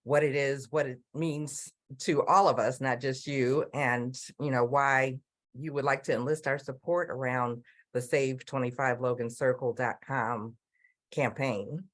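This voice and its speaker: A middle-aged woman moderating an online panel over a video call, upbeat and chatty with frequent ums, her voice going hoarse. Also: a bass voice, fairly even intonation, measured pace. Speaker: panel moderator and business coach.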